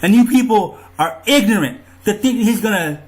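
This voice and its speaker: A man's voice: sits high, lively intonation, moderate pace. A man in an angry monologue to his viewers, riled up, profane and ranting. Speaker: vlogger.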